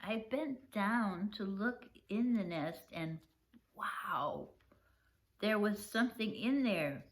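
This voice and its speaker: Older woman, grandmother, slow unhurried reading, children's book. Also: medium pitch. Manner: gentle, unhurried, shows pictures. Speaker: storyteller.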